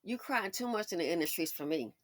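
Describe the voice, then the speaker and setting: A woman's voice: fairly low pitch, animated, quick pace, no echo. A woman giving sassy, emphatic, opinionated celebrity commentary. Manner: sassy, emphatic, mocking asides. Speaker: commentary channel host.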